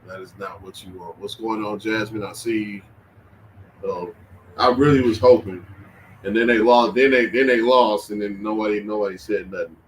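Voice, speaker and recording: A man's voice: fairly low pitch, normal speed, a little hiss or hum, rough recording. Laid-back man hosting a sports stream. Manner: animated, laughing, trash-talking, slangy. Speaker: livestream host. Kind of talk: casual sports talk livestream.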